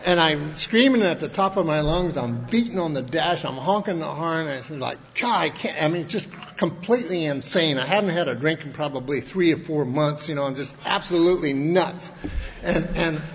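A man's voice: on the high side, normal speed. A man at a recovery meeting, telling his own story in a folksy, rambling way with many restarts. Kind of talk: personal storytelling talk. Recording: echoey hall, dull lo-fi sound, faint hiss.

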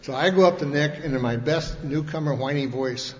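A man tells a long personal story to a meeting in a folksy, rambling way. He breaks off and restarts often. His voice sits a little high for a man, and the dull, lo-fi recording rings with hall echo. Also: a little fast. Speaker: speaker at a recovery meeting. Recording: echoey hall, dull lo-fi sound, faint hiss.

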